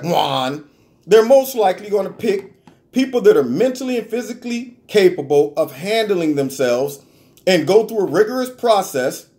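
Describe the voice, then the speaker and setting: A man delivering an animated, argumentative political commentary monologue, full of rhetorical questions. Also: sits high. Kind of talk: opinion vlog monologue.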